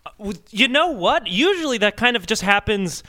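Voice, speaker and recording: A man with a high, bright, lively voice co-hosts a comedy podcast. He jokes around in quick, playful banter, with plenty of swing in his pitch. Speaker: podcast co-host. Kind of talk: casual comedic chat.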